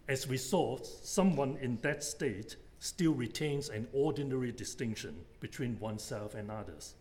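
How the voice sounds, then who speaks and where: A man giving an academic lecture on philosophy, methodically setting out numbered points. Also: mid-range voice. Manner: measured, methodical, enumerating points.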